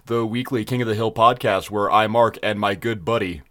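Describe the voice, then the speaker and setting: A man's voice: lowish voice, fairly even intonation, brisk, a bit bright. A man co-hosting a podcast in easygoing, folksy casual chat, his speech slightly odd after dental work. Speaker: podcast co-host.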